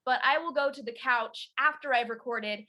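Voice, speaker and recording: Giggly young woman with a high bright voice. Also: moderate pace. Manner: giggly, chatty, many fillers. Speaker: audiobook narrator, guest. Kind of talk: casual interview chat.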